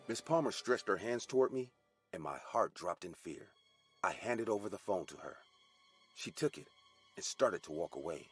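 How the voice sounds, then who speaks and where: A man telling a first-person horror story as scripted, expressive narration. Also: low-pitched, moderate pace, faint music behind.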